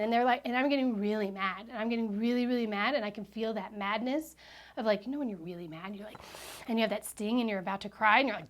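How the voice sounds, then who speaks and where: A woman in her thirties telling a personal story in a chatty vlog, animated, with frequent fillers and self-corrections. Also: medium pitch, fast talker. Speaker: vlogger.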